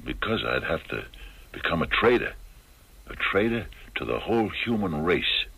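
A weary pickpocket in an old radio drama. His voice sits extremely low and gravelly, with a husky edge and a bright bite. He mumbles his wary answers. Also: sing-song, normal speed, heavily acted. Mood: troubled. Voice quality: gravelly, very deep. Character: weary middle-aged male pickpocket. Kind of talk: 1970s radio drama acting.

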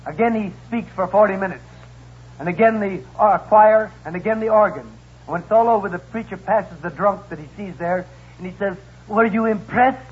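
A man on a radio comedy panel telling a joke in a folksy, unhurried way. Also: high voice, slightly rough. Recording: dull old radio recording.

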